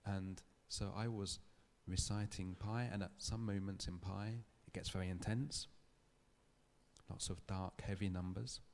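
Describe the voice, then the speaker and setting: A man giving a public lecture, telling a story in a thoughtful, measured way with small restarts. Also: sits low, steady tone, slight background noise. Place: lecture hall.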